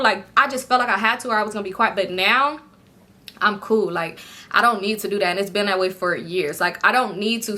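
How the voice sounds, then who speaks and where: A young woman, casually telling a storytime to her viewers and acting out her friends' lines. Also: fairly high pitch. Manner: animated, acts out friends' lines with profanity. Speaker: storytime vlogger.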